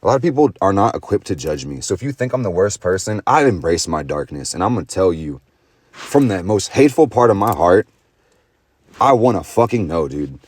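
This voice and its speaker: A man's voice: low-pitched, very animated, a little fast, dry recording. A young man in a profane, intense motivational astrology monologue, full of slang and swearing. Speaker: astrology vlogger.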